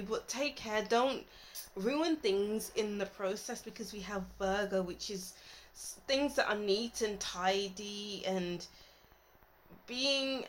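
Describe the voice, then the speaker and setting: Woman doing a tarot reading at home, mid pitch, kinda thinking out loud, faint hiss behind. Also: low-quality recording. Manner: thinking aloud, musing, trailing off mid-thought. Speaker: tarot reader. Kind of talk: casual tarot reading to camera.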